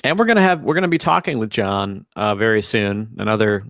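An American man co-hosts a relaxed podcast, his mid-pitched voice carrying a gravelly fry. He talks in a loose, joking way and laughs easily. The recording is dry and close. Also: fairly quick, no echo. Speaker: podcast co-host. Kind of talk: casual podcast chat.

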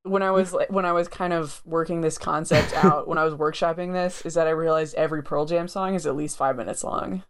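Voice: medium pitch, steady tone, a little fast, hardly any pauses, clear, resonant tone. A podcast co-host who chats playfully, laughs easily and explains things at length. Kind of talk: casual chat.

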